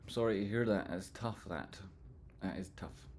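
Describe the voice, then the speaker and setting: Scottish male stream host, lower voice, reads chat, swears casually, swings loud to soft. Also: moderate pace, slight background noise. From Scotland. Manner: chatty, swears freely, swings from loud jokey outbursts to soft sincere asides. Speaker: livestream host reading chat.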